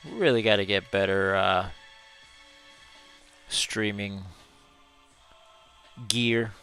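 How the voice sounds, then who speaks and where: A man's voice: fairly low pitch, level tone, slow, a bit bright, clean tone, soft background music. A male gaming streamer giving live gameplay commentary in a chatty way, reading chat messages aloud and laughing often.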